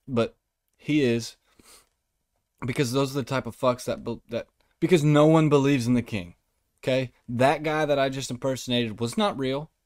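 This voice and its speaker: A man's voice: medium pitch, a little mellow, no echo, clean studio sound. A man hosting a podcast, delivering a profane, mocking comedic rant. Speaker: podcast host.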